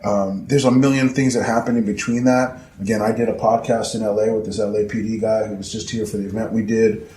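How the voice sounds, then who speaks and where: A man guest telling his story in casual, rambling talk, swearing freely and acting out quotes with sudden jumps in pitch. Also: steady tone, fairly quick, hardly any pauses, dark tone. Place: historic house indoors. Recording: echoey room, faint noise.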